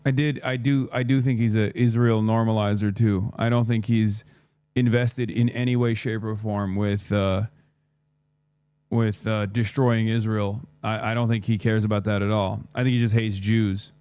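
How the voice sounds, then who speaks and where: A man's voice: lowish voice, level tone, normal speed, a little mellow, smooth, no echo. A man hosting a livestream reaction, commenting in a sarcastic, mocking manner into a close microphone. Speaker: streamer host.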